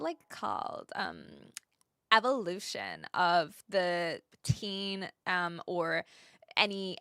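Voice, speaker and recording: A young woman hosts a casual livestream, chatting, reading viewer comments, laughing often and greeting viewers by name. Her mid-range voice is pushed and bright, with clean studio sound and no room sound.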